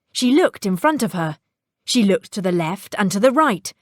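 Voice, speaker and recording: A woman reading a children's storybook aloud with playful, expressive delivery. She reads slowly, her voice rising and falling in a lively way. The recording is dry and close. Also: mid-range voice, dry recording. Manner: expressive, with sound-effect words.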